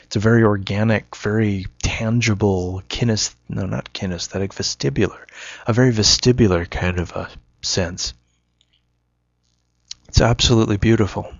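A man's voice: on the low side, fairly even intonation, moderate pace, gravelly, no echo, lo-fi sound. A man telling a joke and musing in a casual, rambling monologue, often correcting himself.

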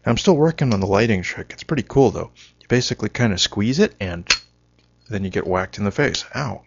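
A man's voice: on the low side, lively intonation, a little fast, creaky, noisy background. A man giving a rambling, self-mocking solo monologue, wry and punchy, on a dull lo-fi recording.

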